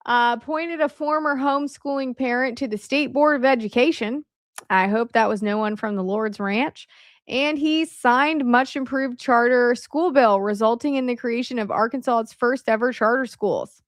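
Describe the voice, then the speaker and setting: A woman's voice: on the high side, normal speed, no echo. Sarcastic woman with a dry close mic. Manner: sarcastic asides, laughs while reading aloud. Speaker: political commentary podcaster. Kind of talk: casual commentary reading from websites.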